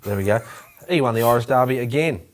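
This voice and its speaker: An Australian man hosting a racing show, brisk and teasing in casual chat. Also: mid-range voice.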